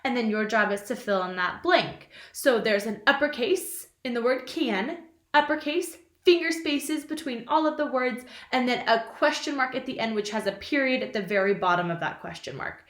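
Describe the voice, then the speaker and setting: A young woman teacher leading a remote lesson for small children, modeling sentences slowly and playfully. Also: a little high, a bit bright. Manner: slow, exaggerated sentence modeling with playful silly voices. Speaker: kindergarten teacher. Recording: echoey room.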